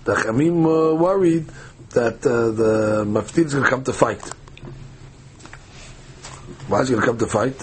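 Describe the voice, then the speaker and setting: A man's voice: medium pitch, measured pace, long pauses, slight background noise. A man teaching a daily Talmud class, reading the text aloud and translating it phrase by phrase with frequent hesitant fillers.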